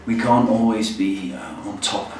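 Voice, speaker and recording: A man hosting a live-stream psychic reading, talking gently and often checking in with "okay?". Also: lowish voice. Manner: slow, soothing, ends phrases with "okay?". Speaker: psychic host. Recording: echoey room, mic far off, faint noise.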